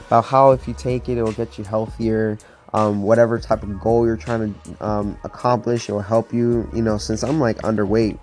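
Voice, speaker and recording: A young man telling a personal story in a chatty, excitable way to camera, with lots of fillers. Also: mid-range voice. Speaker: vlogger.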